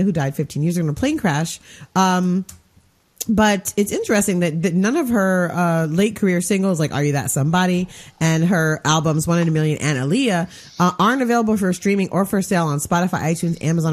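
A woman's voice: fairly low pitch, brisk, a little mellow. A woman co-hosting a podcast, chatting casually in a wry, exasperated way. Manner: wry, exasperated, laughs often. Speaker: podcast co-host. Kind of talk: casual chat.

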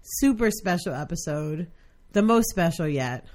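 A woman from Brooklyn hosting a podcast in casual chat, excitable and quick to laugh. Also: lowish voice, slight background noise. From Brooklyn, New York. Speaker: podcast host.

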